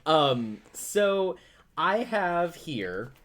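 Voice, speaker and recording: A man's voice: a little high, big pitch swings, drawn-out words, a bit bright, slight background noise. A man co-hosting a casual podcast, explaining lore with frequent laughs and fillers. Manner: giggly, storytelling, lots of fillers.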